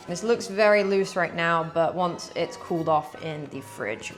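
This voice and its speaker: A woman's voice: on the low side, animated, moderate pace, hardly any pauses, faint music behind. A woman chatting casually to viewers as she bakes in a cooking vlog. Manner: chatty, talks to viewers while working. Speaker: cooking vlogger.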